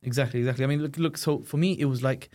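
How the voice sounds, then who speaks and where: A man's voice: mid-range voice, fairly even intonation, rapid-fire, a little mellow. A man with a British accent, a guest telling a personal story in a chatty, conversational way. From United Kingdom. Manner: chatty, frequent "you know" and "right?" asides.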